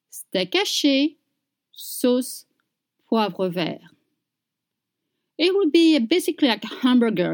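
A woman teaching pronunciation, saying each word slowly and clearly and repeating it for learners. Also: fairly high pitch, a little mellow. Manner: slow, deliberate, repeats words for learners. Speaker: French teacher. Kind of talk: slow pronunciation lesson.

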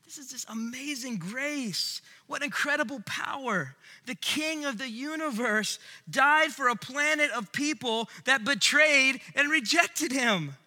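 Pastor guy preaching, high bright voice, goes loud then quiet, big echoey hall. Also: measured pace, few pauses. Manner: animated, swings from loud to hushed. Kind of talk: sermon. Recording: long reverb of a large hall.

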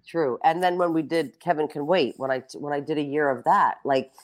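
A middle-aged woman with a deep voice talks fairly quickly as a guest in a casual chat. She's a brash, animated storyteller who loves a punchline and a curse, swearing freely and acting out the quotes she tells.

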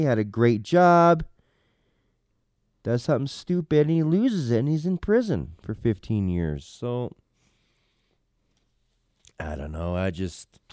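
A man with a mellow, smooth voice hosts a casual talk show, reading out news items and then musing on them. He rambles and hesitates between thoughts. The sound is dry and close. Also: medium pitch, dry recording. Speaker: podcast host.

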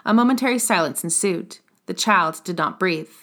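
A woman narrating a classic novel as an audiobook, in a measured, steady reading. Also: fairly low pitch.

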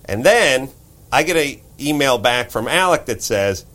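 A man's voice: medium pitch, unhurried. Middle-aged guy hosting a podcast, jokey, voice swings up and down a lot. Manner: animated, jokey, mocking asides. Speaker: podcast host. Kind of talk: casual comedic chat.

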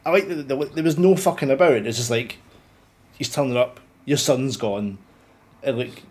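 A man's voice: mid-range voice, moderate pace, a little mellow. A man chatting casually about a film, rambling with many restarts and swearing freely. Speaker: film podcast co-host. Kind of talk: casual chat.

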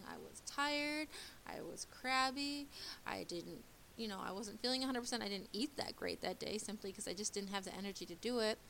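A woman in her thirties, a mother, telling a personal story in a candid, halting way with many pauses and restarts. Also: mid-range voice, fairly bright tone, a little hiss or hum. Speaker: mother sharing her day.

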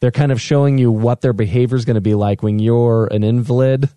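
A man's voice: mid-range voice, steady tone, brisk, mellow, clean tone, no room sound. A man co-hosting a podcast, chiming in with jokes in casual chat. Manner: joking, chimes in with wisecracks. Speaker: podcast co-host.

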